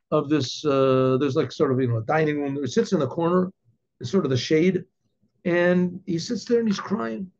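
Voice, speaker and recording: A man who is a rabbi, telling a story in an animated way and often repeating words. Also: fairly high pitch. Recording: dull lo-fi recording.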